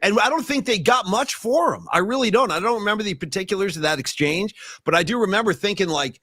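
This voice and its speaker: A man co-hosting a casual sports podcast, telling stories with an animated, emphatic delivery. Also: fast talker, no room sound, studio quality. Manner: animated, storytelling, swings pitch high for emphasis. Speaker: podcast co-host.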